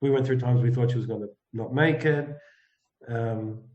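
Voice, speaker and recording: A man of mid pitch recalls a story in an earnest, halting way and often sinks into a soft, hushed tone. His voice comes through a roomy space with a slight echo. The sound is a little dull and lo-fi, as on a video call. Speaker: guest, empathy coach. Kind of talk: reflective personal storytelling.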